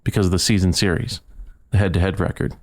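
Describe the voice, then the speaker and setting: A man's voice: low voice, fairly even intonation, quick pace, vocal fry, darkish tone. A man hosting a solo sports podcast, ranting heatedly and stumbling over repeated words. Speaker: podcast host.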